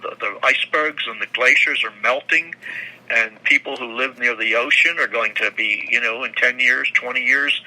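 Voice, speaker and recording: A man's voice: mid-range voice, bright, forceful tone, a little hiss or hum, poor audio. An older man speaking as an interview guest, talking in long rambling answers that halt, repeat words and restart often.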